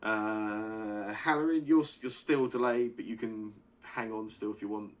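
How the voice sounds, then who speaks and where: A man running a tabletop game as game master, narrating monster attacks in a relaxed way with frequent laughs and ums. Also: fairly low pitch, a little slow.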